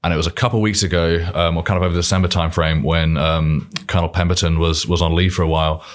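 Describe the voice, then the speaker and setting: A man's voice: low voice, level tone, quick pace. A young British man chatting casually as a podcast guest, rambling and laughing as he goes. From Britain. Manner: rambling, self-correcting, laughs often. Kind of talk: casual chat.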